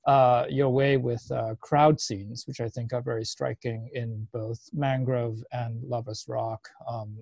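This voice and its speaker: A man moderating a film panel, putting questions slowly and hesitantly. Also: medium pitch, creaky, darkish tone, slightly rough, dry recording. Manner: slow, hesitant questions with many pauses.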